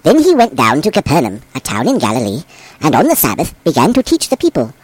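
A man reads scripture with a lively, rising and falling voice, giving the story colour. He sounds close and dry, with no room echo. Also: a little high, fast talker, breathy edge. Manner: expressive, voices the quoted speakers. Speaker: abbot reading scripture. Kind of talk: expressive scripture reading.

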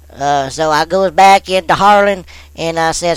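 A man's voice: fairly high pitch, unhurried, clean tone, no room sound, low-quality recording. A man telling a comic witness story in a folksy drawl with rustic grammar. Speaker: on-scene witness.

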